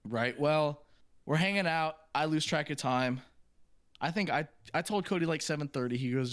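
A young man hosting a casual podcast, telling stories in quick repeated bursts and laughing often. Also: a little high, a bit bright. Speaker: podcast host. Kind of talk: casual podcast banter and storytelling.

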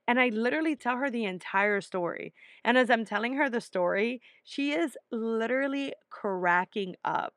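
A young woman telling a personal story in a casual, animated way, emphatic and full of swearing. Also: fairly high pitch, moderate pace, few pauses, dry recording, clean studio sound.

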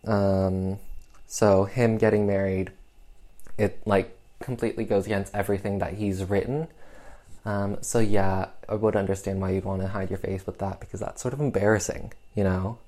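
A podcast host with a low, dark voice and little pitch movement speaks at normal speed, casually recapping an old film. He rambles chattily, packing in "um" and "like" along with sarcastic asides.

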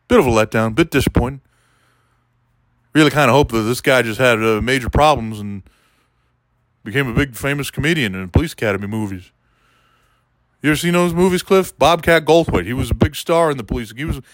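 A man doing a rambling, deadpan comedy monologue, talking to a listener by name as he goes. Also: medium pitch, no room sound, clean studio sound. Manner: meandering, deadpan, keeps addressing a listener by name.

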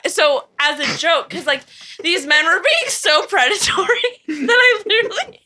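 A young woman telling a story in casual chat, animated and laughing, with lots of "like" and swearing. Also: extremely high pitch, moderate pace. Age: young adult. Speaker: podcast co-host.

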